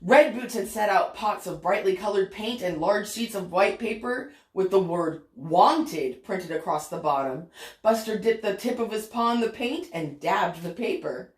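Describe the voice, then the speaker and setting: Woman, children's storyteller, higher voice, very lively pitch, echoey room. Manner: animated, pauses to ask listeners questions. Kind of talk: reading a picture book aloud to children.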